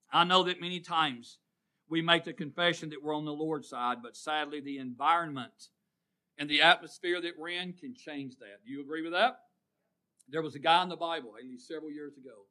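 A man preaching a sermon, drawing call-and-response from his congregation and swinging from loud to hushed. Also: on the high side.

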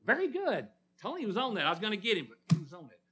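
A man's voice: high voice, huge pitch swings, quick pace, fairly bright tone, breathy edge. A man preaching a sermon in church, asking the congregation questions and calling on people by name. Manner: calls on listeners by name, call-and-response questions.

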